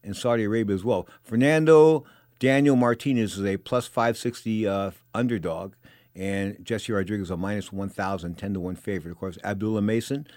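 An older man hosts a talk radio show on boxing, talking fast in a loose, rambling monologue. He is opinionated and circles back over the same points again and again. His voice is close and dry on a studio microphone. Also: on the low side, darkish tone, no room sound. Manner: rambling, opinionated, repeats himself.

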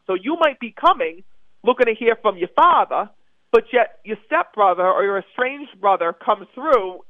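Over a tinny phone line, a male psychic medium eagerly tells stories as a phone-in guest, repeating words for emphasis. His voice sits high and the recording is dry.

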